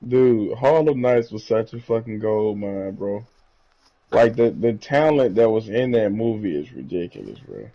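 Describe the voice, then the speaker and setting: A man's voice: lowish voice, big pitch swings, a little slow. A man chatting casually with a friend on a live game stream, laid-back and slangy. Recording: dull, lo-fi mic.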